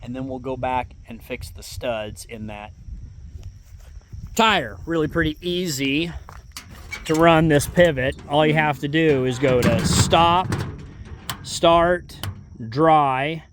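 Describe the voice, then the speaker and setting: Upbeat Midwestern farmer vlogging outdoors. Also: male voice, on the high side, slow, pauses often, a little hiss or hum. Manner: upbeat, talks while working. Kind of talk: casual farm vlog narration. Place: outdoors on a farm.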